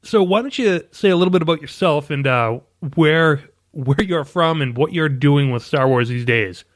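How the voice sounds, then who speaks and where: A man's voice: fairly high pitch, normal speed. A man hosting a casual podcast chat, upbeat and laughing often. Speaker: podcast host.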